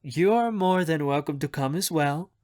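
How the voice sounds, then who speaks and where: A man's voice: a little high, normal speed, a little mellow, pitched above the performer's own voice, natural voice. A man reading an audiobook, voicing a charming male hotel manager in his fifties who talks with genial, teasing assurance. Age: 50s.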